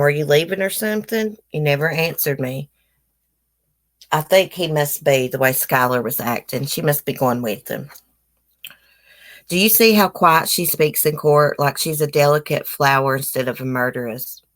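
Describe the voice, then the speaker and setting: A low-pitched woman with a drawl talks on a home livestream, reading news items and breaking off into blunt, opinionated asides to her viewers. She speaks casually, with a swollen face from a toothache. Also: fairly bright tone. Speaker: livestream host.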